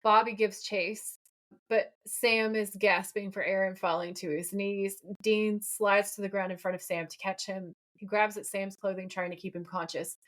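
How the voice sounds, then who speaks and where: A woman co-hosts a casual podcast and retells scenes with gushing enthusiasm. Her voice sits at an ordinary middle pitch, and she shifts into acted quotes freely. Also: level tone, moderate pace, a bit bright. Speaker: podcast co-host.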